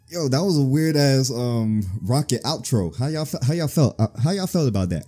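A man's voice: medium pitch, expressive, moderate pace, few pauses, warm tone. A man giving joking, slangy, profane let's-play commentary as a gaming channel host. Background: faint game music.

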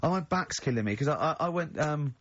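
A man's voice: on the high side, lively intonation, fast talker, fairly bright tone, dull audio. A man hosting a radio show in casual chat, rambling through anecdotes and laughing often.

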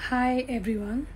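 A young actress, hoarse and losing her voice, chatting casually with fans on a phone livestream. She laughs often, slips into a near-whisper and switches languages mid-sentence. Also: fairly high pitch, a little hiss or hum, low-quality recording. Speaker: film actress. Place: on a film set during a break.

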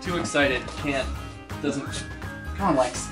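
A man's voice: medium pitch, takes it slowly, over music. A man co-hosting a casual unboxing video, chatting playfully and coaxing his dog along. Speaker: co-host unboxing a dog subscription box.

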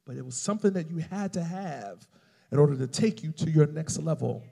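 Male pastor, sermon, gravelly voice, fairly high pitch, loud-soft swings. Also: animated, a little fast, big-room sound. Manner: emphatic preaching with swings between loud and soft.

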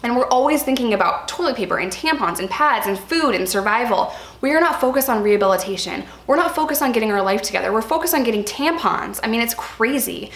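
Young woman, higher voice, earnest emphatic vlog talk, echoey room. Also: expressive, fast, few pauses, a bit bright. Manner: earnest, emphatic, repeats words for stress. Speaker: vlogger sharing personal experience. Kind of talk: candid personal vlog talk.

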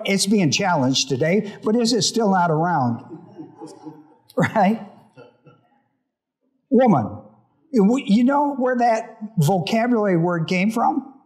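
A male pastor teaches from scripture in a slightly high voice. He reads a few verses, then stops to ask his listeners questions before he reads on. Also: darkish tone. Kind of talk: Bible study sermon.

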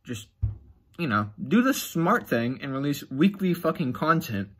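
A man's voice: fairly high pitch, big pitch swings, a little slow, a bit bright, husky. A man vlogging a casual rant, blunt and exasperated, swearing constantly. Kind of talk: casual profane rant to camera.

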